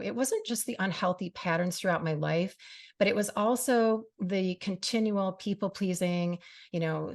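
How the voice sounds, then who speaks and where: Middle-aged female talk host, heartfelt and earnest, slightly low pitch, lots of "you know". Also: creaky. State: briefly tearful. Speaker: radio show and podcast host. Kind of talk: personal monologue to listeners.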